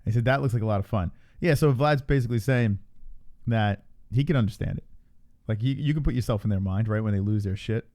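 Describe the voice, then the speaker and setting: A young man chatting on a livestream in a loose, profane way. He laughs easily and flips into a high voice whenever he quotes someone. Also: quick pace, warm tone. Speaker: livestream co-host. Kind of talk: casual livestream chat.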